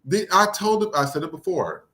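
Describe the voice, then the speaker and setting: A man's voice: a little high, very animated, fairly quick, bright, forceful tone. A man co-hosting a podcast, ranting in heated, casual, profane commentary with exasperation. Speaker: podcast co-host.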